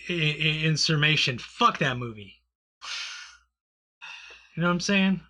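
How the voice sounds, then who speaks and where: A man's voice: a little high, lively intonation, a little slow, sharp tone. A man co-hosting a comedy podcast, rambling through a movie recap in casual, profane chat full of fillers. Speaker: podcast co-host.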